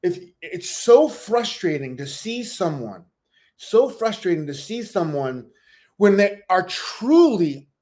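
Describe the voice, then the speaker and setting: A man's voice: high voice, slow pace. A man co-hosting a casual reality TV recap, talking animatedly and acting out what people said, with some swearing. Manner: animated, acts out quotes, swears. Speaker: podcast co-host.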